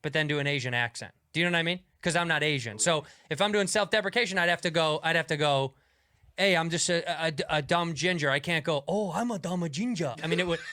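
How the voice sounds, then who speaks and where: Bright-voiced man arguing his point. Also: a little high, smooth. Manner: quick interjections, argues with examples. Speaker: podcast host. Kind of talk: casual podcast conversation.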